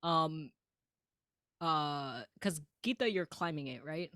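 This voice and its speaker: A woman's voice: deep voice, slow pace, a bit bright, clear, resonant tone, no echo, clean studio sound. A woman chatting casually as a player in a tabletop game, giggly and rambling with lots of fillers.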